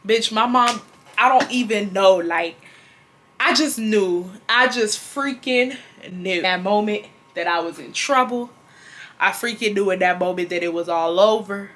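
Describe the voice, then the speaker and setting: A woman in her twenties from Houston, telling a casual storytime to her viewers in an animated, slangy way. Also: medium pitch, measured pace, a little hiss or hum. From Houston, Texas. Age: 20s. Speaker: vlogger.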